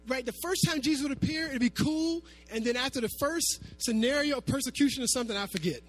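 A man preaching a sermon to his congregation, animated, sometimes half-singing his phrases. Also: extremely high pitch, quick pace, few pauses, faint music behind. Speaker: pastor.

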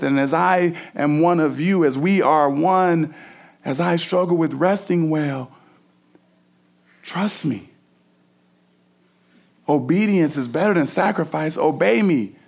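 Gravelly-voiced man preaching animatedly. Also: on the high side. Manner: animated, restarts phrases, acts out quotes in raised voice. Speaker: pastor. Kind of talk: sermon with scripture reading.

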